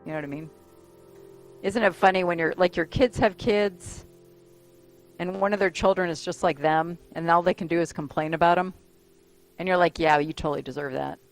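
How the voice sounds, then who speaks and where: A woman in her fifties leading a gentle stretching class, giving breathing cues and chatting with the group between moves, encouraging and quick to laugh. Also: on the low side, no echo. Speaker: fitness instructor. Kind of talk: gentle exercise class instruction mixed with casual chat. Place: dining room used for a group exercise class. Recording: clear music playing behind.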